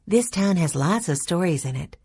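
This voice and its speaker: A woman's voice: on the low side, lively intonation, normal speed, darkish tone, breathy edge. A woman voicing a practical, level-headed older sister in a storybook reading. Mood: matter-of-fact. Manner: matter-of-fact.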